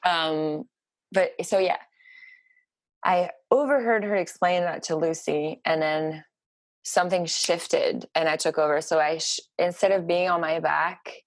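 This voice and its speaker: A woman sharing a personal story in casual conversation, animated and halting, with many fillers. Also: fairly low pitch, no room sound. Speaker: podcast guest.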